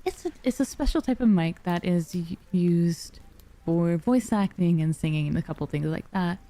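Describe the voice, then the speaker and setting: A woman streamer chatting softly and calmly on a dynamic mic, sounding sleepy and relaxed. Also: on the low side, moderate pace. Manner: soft, sleepy and calm, yawning. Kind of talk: relaxed live-stream chat. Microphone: dynamic studio mic.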